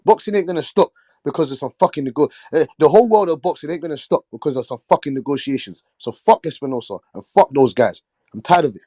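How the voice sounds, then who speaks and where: A man's voice: on the high side, expressive, fast, dark tone, dry recording. A man hosting a boxing talk show, ranting in a heated, swearing, repetitive way. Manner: fired-up, swearing, repeating himself. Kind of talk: heated casual rant.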